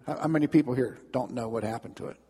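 A man's voice: mid-range voice, quick pace, warm tone, slightly rough. A man, a pastor, preaching a sermon in a conversational, storytelling way with fillers, in a church. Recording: long reverb in a church.

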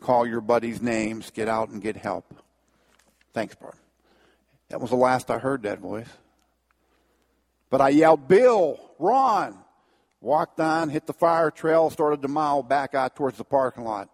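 A middle-aged man giving an earnest personal testimony to an audience, with his voice swelling at the key moments. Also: medium pitch.

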